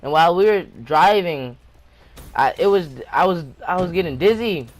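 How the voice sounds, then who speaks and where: A man's voice: sits high, expressive, normal speed. A man hosting his own channel, telling a personal story time tale in a rambling, breathless way, often restarting his sentences. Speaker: channel host.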